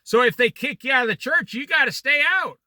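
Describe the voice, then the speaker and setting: A man in his sixties leading a Bible study, reading scripture and wandering into opinionated, animated asides and stories. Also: very high-pitched, brisk, no echo. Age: 60s. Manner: opinionated, digressive, animated storytelling. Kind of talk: Bible study teaching with commentary.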